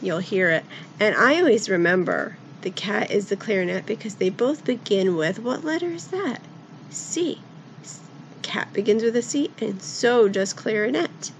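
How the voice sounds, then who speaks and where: A woman narrating a story for children in a playful, animated way, coaxing her young listeners to join in. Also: medium pitch, normal speed, slight background noise, poor audio.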